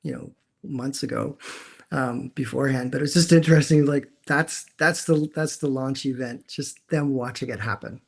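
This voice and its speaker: A man's voice: mid-range voice, moderate pace, gravelly, breathy edge. A man, co-hosting a casual chat from a dim room at home over a video call, telling stories with lots of restarts. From Canada. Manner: animated storyteller with many restarts. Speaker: co-host.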